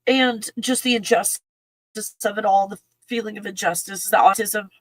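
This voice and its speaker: Husky-voiced woman, tearful and halting. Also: mid-range voice, no room sound, low-quality recording. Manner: tearful, halting, soft-spoken with sighs and laughs. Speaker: channel host. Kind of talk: emotional casual monologue.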